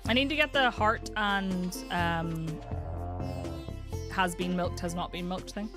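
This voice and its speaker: A woman streamer from the UK chatting casually while she plays, thinking aloud and cooing brightly at the game's animals. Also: on the low side, lively intonation, slow. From United Kingdom. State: has the hiccups. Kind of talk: casual live-stream gameplay chat. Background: game music.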